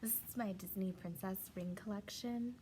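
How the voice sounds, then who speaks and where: A woman's voice: mid-range voice, animated, a little slow, background noise. A young woman teaching an online kindergarten class in a playful, sing-song way, stretching her words and often repeating herself.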